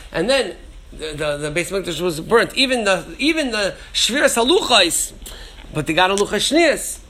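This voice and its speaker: A man lectures through a Torah class in a high, bright voice. He thinks out loud, restarting and repeating words as he goes, and mixes Hebrew and Yiddish terms into his English. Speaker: Torah teacher.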